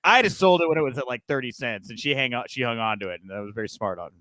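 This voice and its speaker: A man's voice: mid-range voice, expressive, rapid-fire, sharp tone, no echo. A man hosting a live podcast, chatting casually and joking as he reads viewer comments. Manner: loose and joking, with frequent fillers. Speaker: podcast host.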